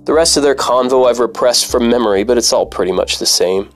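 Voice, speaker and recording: A man's voice: mid-range voice, brisk, faint music behind. A man, a former cab driver, narrating a personal story in a bitter, profane, wry manner.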